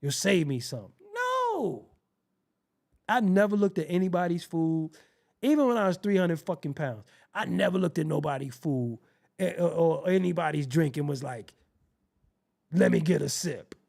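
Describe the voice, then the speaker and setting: A man hosting his show, telling a comedic, profane story in an animated way and acting out the quoted voices. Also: on the high side, normal speed, vocal fry. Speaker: show host.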